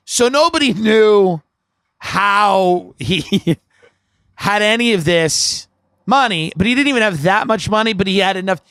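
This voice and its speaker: A man, a comedian hosting his podcast, tells a rambling comic story full of quick asides and laughter, recorded on an outdoor deck. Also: high voice, a bit bright, no echo.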